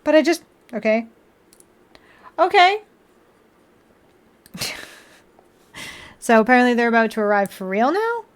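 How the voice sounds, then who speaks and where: A woman with a slightly higher voice chats to her live-stream audience from home while she builds a model kit. She talks casually, laughs often, and plays out her own exasperated replies as she tells the story. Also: big pitch swings, measured pace, long pauses. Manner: chatty, laughs often, acts out her own frustrated retorts. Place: indoors at home.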